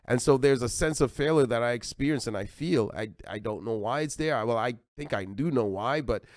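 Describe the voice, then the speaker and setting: A man with an American accent preaching a sermon as pastor, animated and acting out little everyday dialogues. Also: medium pitch, brisk, no room sound, studio quality.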